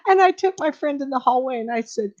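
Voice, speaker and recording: An older woman, a medium, telling stories casually on a radio show in a chatty, animated way, often laughing. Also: high-pitched, fast, highs cut off. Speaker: psychic medium guest.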